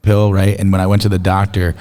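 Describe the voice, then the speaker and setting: A man hosting a podcast, talking excitedly and swearing freely in casual chat. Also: sits low, brisk. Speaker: podcast host.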